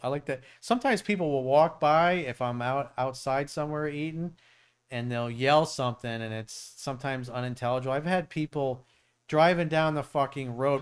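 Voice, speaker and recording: A man's voice: medium pitch, animated, moderate pace, clean tone. A middle-aged man from South Florida hosting a casual live-stream Q&A, answering questions bluntly with plenty of swearing and stories. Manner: blunt, profane, storytelling. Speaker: dating coach and show host.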